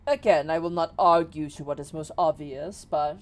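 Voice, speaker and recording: A woman's voice: low voice, fairly even intonation, normal speed, lightly acted. A woman voicing a wealthy, smug male earth genie who talks like a grandiose salesman in a tabletop game. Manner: pompous, grandiose salesman talk.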